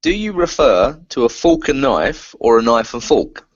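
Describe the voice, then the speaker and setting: A man's voice: medium pitch, very animated, normal speed. A man in a casual stream chat, chipping in with questions for the others. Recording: slightly muffled stream audio.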